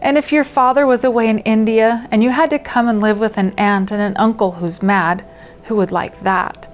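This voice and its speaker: A wound-up, miserable boy from a storybook, his words tumbling out upset, as a woman reader puts him on. The voice sits at a middling pitch, with soft music faintly under it. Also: steady tone, moderate pace, close to an everyday voice. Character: grubby miserable boy, Diggory.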